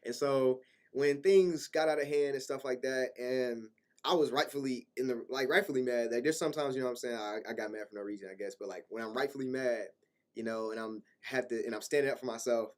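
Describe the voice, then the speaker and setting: A young man co-hosting a college radio show, telling rambling, animated stories in casual slang. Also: medium pitch, brisk. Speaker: co-host. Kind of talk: casual chat.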